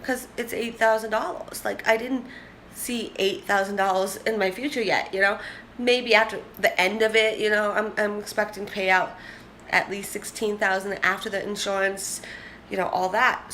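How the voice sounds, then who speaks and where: A woman's voice: mid-range voice, sharp tone, a little hiss or hum. A young woman in a casual vlog, chatting candidly and rambling to the camera. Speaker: vlogger.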